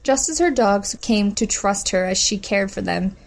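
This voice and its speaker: Female audiobook narrator, mid pitch, steady measured delivery for story narration. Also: creaky. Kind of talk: scripted narration.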